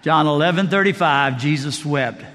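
Middle-aged guy preaching, acts out the lines, bit higher voice, echoey church hall. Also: normal speed, a bit bright. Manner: storytelling, acts out quoted dialogue. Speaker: pastor. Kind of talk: sermon.

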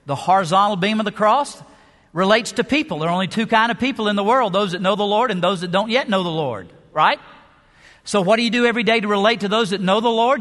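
A man's voice: sits high, fairly bright tone. A man preaching a sermon as pastor, emphatic, with rhetorical questions and shifting pace. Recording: long hall reverb.

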